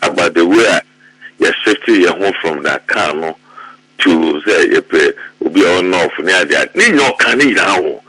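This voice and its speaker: A middle-aged man with a Ghanaian accent, speaking in heated commentary about his party. His voice is very bright and cutting, a little low in pitch, and the sound is close and dry. When he gets worked up he repeats words fast. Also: expressive, breathy edge, no echo, low-quality recording. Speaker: political party member.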